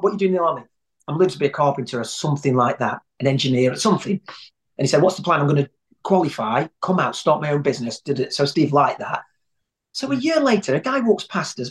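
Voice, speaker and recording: A man's voice: fairly high pitch, animated, fast. A man telling long anecdotes in a rambling, conversational way as an interview guest. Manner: rambling storyteller, many restarts.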